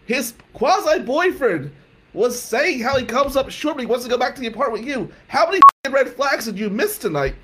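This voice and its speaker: Man putting on a blunt buddy, exasperated and scolding, pitched way up, comic storytelling. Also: big pitch swings, moderate pace, few pauses, a little mellow. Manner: scolding, incredulous.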